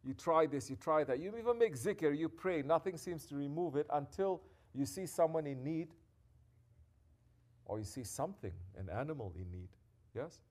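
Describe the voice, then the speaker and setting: A man preaching as a sheikh speaks at normal speed in an expressive, higher-pitched voice. Quiet, intimate musings give way to loud scolding and back again, and Arabic devotional phrases punctuate his sermon.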